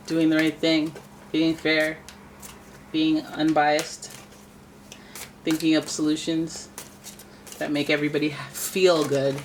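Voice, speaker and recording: A woman's voice: low-pitched, slight background noise. A woman giving a casual, playful tarot reading, chatting with the cards as she turns them. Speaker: tarot reader.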